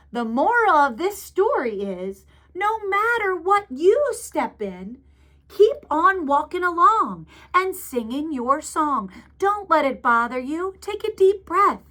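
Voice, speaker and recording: Woman teacher, high voice, unhurried, animated storytime reading with questions for kids. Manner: animated, asks children questions. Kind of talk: reading a picture book aloud to children.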